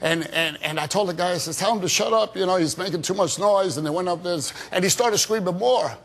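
A man giving an excited testimony and then leading a fervent prayer as a guest on a Christian television talk show. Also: sits high, quick pace. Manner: excited storytelling, fervent preaching. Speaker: evangelist guest.

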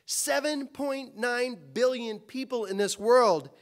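A man's voice: very high voice, takes it slowly. A man preaching a sermon as pastor, impassioned and full of rhetorical questions.

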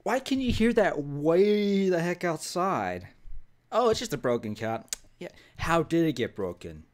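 A man's voice: fairly high pitch, big pitch swings, measured pace. A man hosting a let's play, joking around and reading the on-screen text aloud. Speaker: gaming video host.

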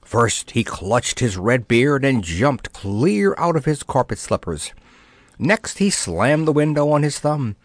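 Man reading a kids' storybook, lively ups and downs, dry close mic. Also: mid-range voice, takes it slowly, dry recording. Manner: expressive, playful. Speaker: audiobook narrator. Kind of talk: storybook narration.

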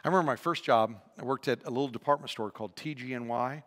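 A male pastor preaching a sermon with animated storytelling, humor and frequent repetitions, in an echoey church hall. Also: mid-range voice, fast talker.

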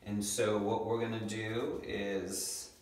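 Slow-talking teacher man in an echoey room. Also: on the low side, little pitch movement, slight background noise. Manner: patient, slow, stretches out words to sound them. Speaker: second grade teacher. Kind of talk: remote teaching lesson. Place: home room. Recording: echoey room, mic far off.

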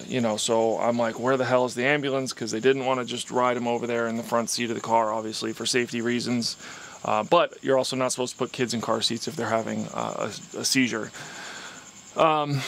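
A man's voice: medium pitch, fairly bright tone, slight background noise. A young man, a vlogger, telling an emotional personal story in a rambling way with many fillers.

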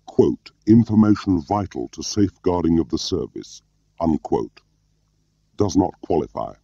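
A man's voice: low-pitched, animated, a little slow, dark tone, no echo, exaggerated voice. A man doing a wary, rule-bound male clerk. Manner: objecting, matter-of-fact. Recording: muffled lo-fi recording.

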